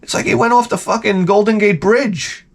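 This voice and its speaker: A man hosting his channel, telling comedic stories in an animated, profane, exaggerated way. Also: sits high, moderate pace, vocal fry. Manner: animated, profane, exaggerated, jumps into quoted voices. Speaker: channel host. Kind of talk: casual comedic storytelling rant.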